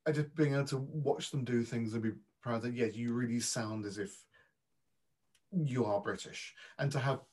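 A man's voice: mid-range voice, moderate pace, darkish tone, husky. Reflective man, dialect coach. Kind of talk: casual interview answer.

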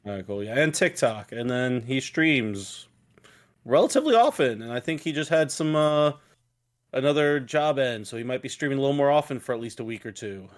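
A man's voice: mid-range voice, lively intonation, brisk. A man co-hosting a podcast in casual chat, laid-back with dry comebacks. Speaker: podcast co-host.

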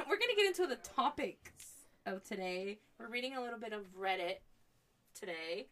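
A woman co-hosting a podcast in casual chat, slangy and animated, laughing often. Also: on the high side, normal speed. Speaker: podcast co-host.

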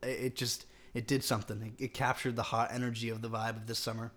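A young man co-hosting a movie podcast talks at a brisk clip. His voice sits in the middle range, and his chatty delivery runs loose and casual. He laughs easily between lines. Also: mid-range voice, flat delivery, a bit bright. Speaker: podcast co-host. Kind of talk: casual chat.

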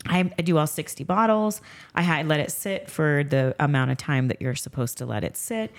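A woman hosting a podcast, chatting casually and telling stories with lively acted-out dialogue and frequent laughter. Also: low-pitched, normal speed. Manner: animated, acts out quoted dialogue, laughs often. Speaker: podcast host and skincare business owner. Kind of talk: casual storytelling chat.

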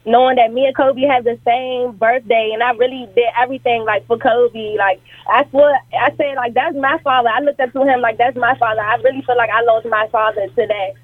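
A woman's voice: on the high side, steady tone, a little fast, few pauses, dry recording. A woman in her twenties calling into a radio show from a hair salon, emotional and rambling. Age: 20s. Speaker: caller. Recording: tinny phone line.

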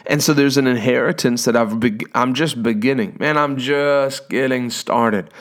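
A man's voice: medium pitch, normal speed. A man preaching a sermon in a fervent, conversational way, reading scripture and breaking into short spoken prayers.

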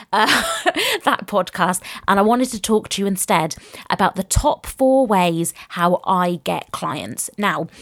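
A woman's voice: medium pitch, no echo. Chatty woman podcaster, dry close sound. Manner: chatty and upbeat, laughs often, motivational. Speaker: podcast host and business coach. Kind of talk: casual solo podcast monologue.

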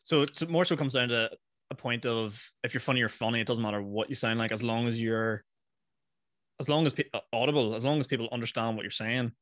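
A man's voice: mid-range voice, a bit bright, dry recording, studio quality. A man with a Northern Irish accent hosting a podcast, asking questions casually and laughing often. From Northern Ireland. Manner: friendly, laughs often, quick backchannels. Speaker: podcast host. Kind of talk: casual interview.

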